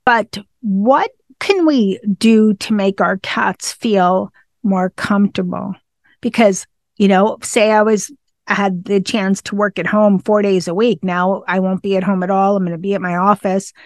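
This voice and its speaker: A woman's voice: mid-range voice, steady tone, a little slow, dry recording. A woman hosting a pet podcast, asking questions in a chatty, conversational way. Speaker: podcast host. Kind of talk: casual interview chat.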